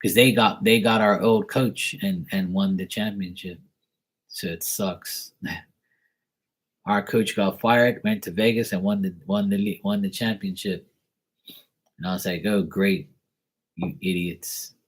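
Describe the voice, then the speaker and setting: A man's voice: on the low side, fairly even intonation, a little slow, pauses often, slightly rough. A man from Bermuda chatting casually on a live stream, rambling and joking as he tells stories. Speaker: live tarot reader chatting with viewers.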